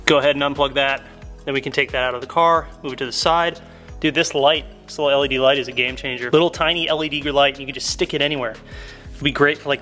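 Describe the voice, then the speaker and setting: A man's voice: mid-range voice, a bit bright. A man with a laid-back, chatty, enthusiastic manner, talking through a casual how-to car tutorial from inside a car. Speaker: car modification YouTuber. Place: inside a car while working on trim.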